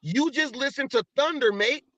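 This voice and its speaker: A man's voice: very high voice, moderate pace, sharp tone, no echo. An American man hosting a live podcast, arguing heatedly with a guest, repeating himself and taunting him. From United States. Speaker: podcast host. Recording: dull lo-fi stream audio.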